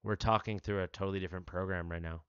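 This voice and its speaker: Laid-back man hosting a stream, low voice. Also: fairly even intonation, fast, fairly bright tone, clear, resonant tone, dry recording, highs cut off. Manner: laid-back, laughs often, talks to chat. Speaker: livestream host. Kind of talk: casual gaming livestream chat. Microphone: headset.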